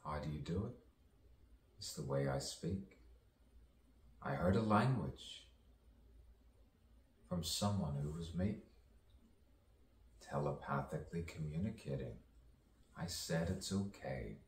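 A man's voice: a bass voice, expressive, slow, pauses often, echoey room, distant mic, slight background noise. A man, a poet and actor, performing an improvised spoken-word soliloquy with dramatic swings between whispers and sudden outbursts.

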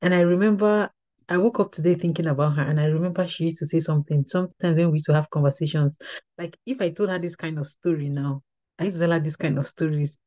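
This woman speaks fast in a low, steady, dark voice with no echo, giving a testimony at a women's ministry where she teaches. She tells it earnestly, like a story, often going back to repeat or restart phrases. The recording is lo-fi and a bit dull.

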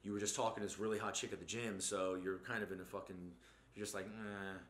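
A man's voice: low voice, steady tone, fast talker, echoey room. A man hosting a profane motivational rant, blunt and mocking, swearing constantly as he lectures. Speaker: host.

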